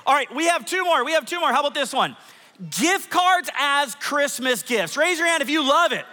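Pastor, forties, high voice, playful storytelling sermon in a big hall. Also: male voice, normal speed. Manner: lively, self-mocking storytelling with audience polls. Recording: long hall reverb.

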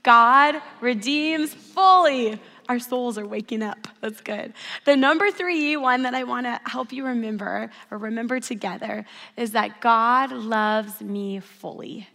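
A woman's voice: fairly high pitch, a little slow, creaky, fairly bright tone. Earnest woman preaching in a reverberant hall. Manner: earnest, storytelling, leads the audience in call-and-response. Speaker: speaker at a church service. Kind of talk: sermon.

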